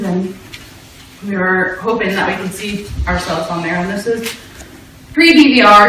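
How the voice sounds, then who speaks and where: A woman's voice: mid-range voice, fairly bright tone, a little hiss or hum. A young woman telling a personal story to a youth audience in an earnest, vivid way, acting out the quotes. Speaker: speaker giving a testimony to a youth group. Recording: echoey hall, distant from the mic.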